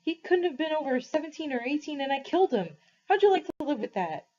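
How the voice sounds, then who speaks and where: A woman's voice: on the high side, expressive, moderate pace, vocal fry, a little mellow, voice pushed up. A woman voicing a scared, guilt-ridden teenage boy in a storybook read-aloud, with a trembling, quavering delivery. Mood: distraught. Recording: slightly muffled, dull recording.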